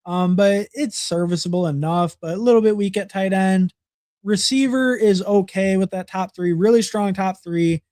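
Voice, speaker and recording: A man's voice: high-pitched, normal speed, darkish tone, dry recording, clean studio sound. A young man hosting a livestream, casually reviewing fantasy football draft picks and rambling with lots of fillers and repeated words.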